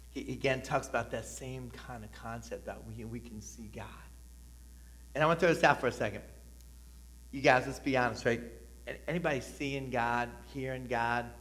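Preaching to his congregation, a man calls on them to answer back. His delivery alternates between booming, emphatic statements and quiet, low-voiced asides.

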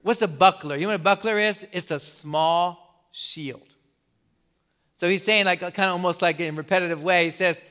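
A middle-aged man preaching a sermon as a pastor, putting questions to the congregation and pausing for effect. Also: high voice, bright, forceful tone.

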